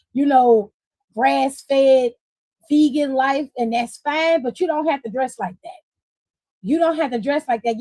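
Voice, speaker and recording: Profane, high-voiced woman recapping wrestling. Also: darkish tone, dry recording, low-quality recording. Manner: blunt, profane, laughing asides. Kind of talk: casual recap commentary.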